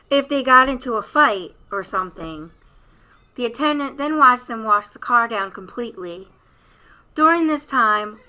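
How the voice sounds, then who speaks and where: A woman hosting a true-crime channel, giving a scripted narration with a steady, plain read-aloud delivery. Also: fairly high pitch, poor audio.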